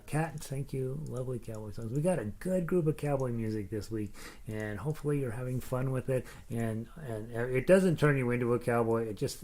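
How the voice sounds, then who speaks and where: A man's voice: medium pitch, darkish tone. A middle-aged man teaching ukulele, chatting casually on a live stream and reading out viewers' comments with plenty of fillers and jokes. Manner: chatty and jokey, lots of fillers, breaks into laughs and snatches of song. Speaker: ukulele teacher greeting class chat.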